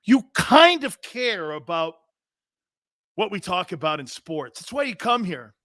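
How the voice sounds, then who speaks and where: A middle-aged man hosting a sports talk show, rambling and telling stories with loud bursts and laughter. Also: high-pitched, unhurried, no room sound, clean studio sound. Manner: loud, excitable, storytelling with bursts of shouting and laughter.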